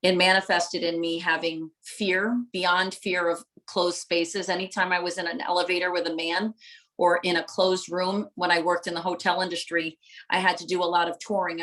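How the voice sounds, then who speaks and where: A woman's voice: lowish voice, flat delivery, normal speed, fairly bright tone, rough recording. Passionate woman giving a motivational talk. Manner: passionate, preacher-like, emphatic repetition. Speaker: motivational speaker and coach. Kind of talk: live-streamed motivational talk.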